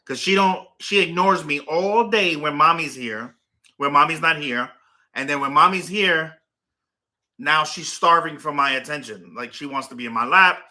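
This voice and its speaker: A man's voice: on the high side, moderate pace, pushed and bright. A man hosting a casual chat from his couch at home, rambling and telling stories with lots of fillers. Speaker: show host.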